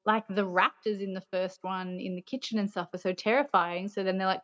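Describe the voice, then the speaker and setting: A woman's voice: mid-range voice, steady tone, fairly quick, a bit bright. A woman guest on a film podcast, talking enthusiastically and casually, often trailing off with "you know". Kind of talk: casual chat. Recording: slightly dull lo-fi audio.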